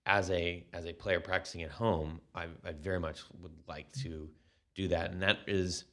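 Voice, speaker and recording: A man co-hosting a casual podcast, speaking in a slow, halting, reflective way. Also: sits low, steady tone, sharp tone. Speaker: podcast co-host.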